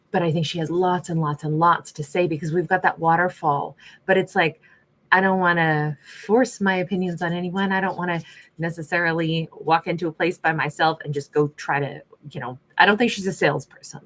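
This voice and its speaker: A woman giving a casual tarot reading, chatty and rambling, with many fillers and restarts. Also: on the low side. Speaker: tarot reader.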